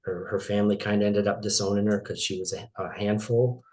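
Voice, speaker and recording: Middle-aged guy from maine, lowish voice, halting and emotional, lots of restarts, telling his story in an interview. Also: fairly even intonation, darkish tone. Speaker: interview guest.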